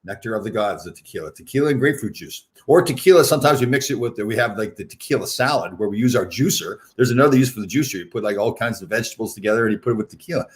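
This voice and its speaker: Guy host goofing around, rattles off quick, pitch jumping all over. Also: expressive. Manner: joking, playfully confused. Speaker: podcast host. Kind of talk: casual chat.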